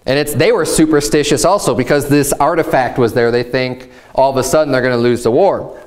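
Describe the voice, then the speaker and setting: A man preaching a sermon as pastor, earnest and conversational, climbing in pitch and stretching out words to stress a point. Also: a little fast, a little mellow. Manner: earnest preaching, rising higher and drawing words out for emphasis; conversational asides with fillers.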